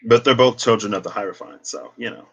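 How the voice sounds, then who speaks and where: Speaking fast in a lowish, creaky, husky voice, a tarot reader rambles reflectively about spirituality and tarot with many fillers. The recording has a dull quality.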